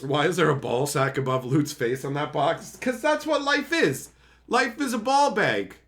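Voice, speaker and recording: Male streamer, young adult, bright and forceful, profane theatrical rant. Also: a little high, lively intonation, normal speed. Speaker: livestreamer. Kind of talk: livestream rant.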